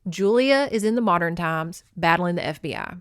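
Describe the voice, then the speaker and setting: A woman hosting a podcast, recapping a romance novel in an excitable, profane and chatty way, and reading passages aloud. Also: fairly low pitch, normal speed, clear, resonant tone, dry recording, clean studio sound. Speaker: podcast host. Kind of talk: casual book recap with read-aloud passages.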